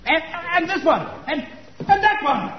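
An actor playing an indignant, fussy bank inspector from head office in a radio comedy, recorded with a muffled sound. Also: male voice, very high-pitched, expressive, measured pace, slight background noise. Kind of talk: 1970s radio comedy acting.

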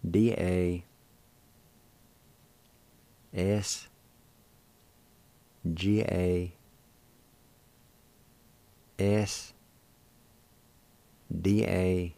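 A man with a Cherokee accent leads a radio language lesson, spelling each word letter by letter before sounding it out. He speaks very slowly and deliberately in a low, mellow voice. The sound is dry and close. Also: vocal fry, clear, resonant tone, dry recording. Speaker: radio language program host. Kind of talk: slow spelled-out pronunciation lesson.

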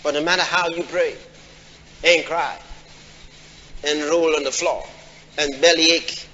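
A man preaching a sermon, often asking the congregation questions and acting out quoted voices in a high pitch. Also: sharp tone, slight background noise. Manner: call-and-response questions to the congregation. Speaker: pastor. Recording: dull audio in a large reverberant hall.

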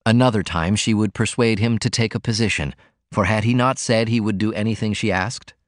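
A man narrating a novel aloud in an expressive, scripted reading. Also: lowish voice, fairly quick, no echo, studio quality. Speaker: audiobook narrator.

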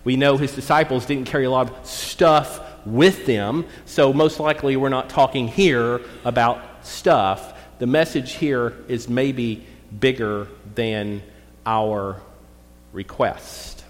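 A male pastor gives a relaxed, folksy sermon at a middle pitch. He reads the scripture slowly and deliberately, and his voice trails into a long church reverb. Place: church sanctuary.

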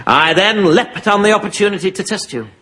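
Brief: a sardonic army captain, bright and crisp, sarcastic and measured. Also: male voice, high-pitched, lively intonation. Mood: explaining.

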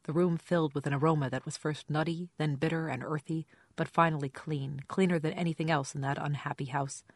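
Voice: medium pitch, steady tone, fairly quick, no room sound. An audiobook narrator reading a first-person detective story in a dry, wry hard-boiled manner.

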